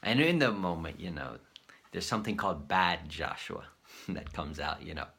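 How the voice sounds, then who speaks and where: A man's voice: low voice, moderate pace, slightly rough. A man hosting his channel, casually telling a story to camera and acting out the dialogue. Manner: animated retelling, acts out quoted dialogue. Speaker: host.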